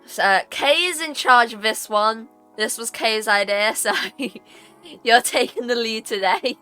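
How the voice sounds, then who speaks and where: A woman's voice: a little high, unhurried, bright, forceful tone, clear, resonant tone, faint music behind. A British woman co-hosting a streamed chat podcast, playful and teasing, laughing often. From Britain. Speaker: podcast co-host.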